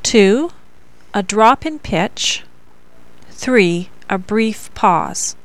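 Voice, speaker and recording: A woman reading example sentences and rhythm drills for learners, with careful, deliberate enunciation. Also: mid-range voice, expressive. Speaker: model speaker for pronunciation drills.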